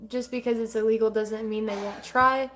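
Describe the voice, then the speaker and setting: A woman co-hosting a casual livestream, reading chat comments aloud quickly and laughing often. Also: fairly high pitch, fairly even intonation, a bit bright, a little hiss or hum.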